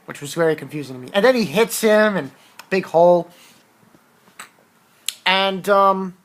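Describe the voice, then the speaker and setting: A man's voice: sits high, measured pace, fairly bright tone. A man with a stuffy nose casually reviewing a manga chapter, rambling and hesitant with lots of restarts and fillers.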